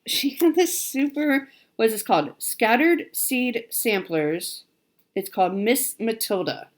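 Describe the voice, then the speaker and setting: A woman's voice: a little high, animated, a little slow. A woman vlogger chatting casually about cross-stitch supplies she received, gushing with frequent ums and little laughs. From Pacific Northwest, United States. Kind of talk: casual chat showing stitching haul.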